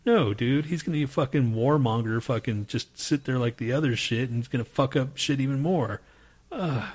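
A man's voice: mid-range voice, moderate pace, a little mellow, slightly rough. A man co-hosting a podcast in casual chat, ranting in a jaded, heavily profane way. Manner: profane, grumbling, jaded rants. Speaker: podcast co-host.

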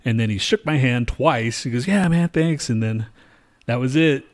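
A man's voice: medium pitch, normal speed. Profane rambling man telling a story. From lives in Denver. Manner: profane, rambling, acts out quotes. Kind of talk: casual storytelling chat.

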